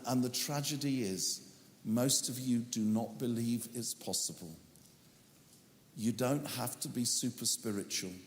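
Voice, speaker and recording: A man's voice: medium pitch, a little mellow, slight background noise. Man preaching in a roomy hall. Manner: earnest storytelling, acts out his own quoted words. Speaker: pastor. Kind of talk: sermon.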